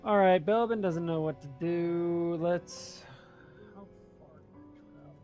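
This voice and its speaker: A man's voice: high voice, measured pace, darkish tone, soft background music. A man playing a tabletop game, talking in an unsure way as he thinks aloud about his moves. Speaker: player. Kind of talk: casual tabletop play.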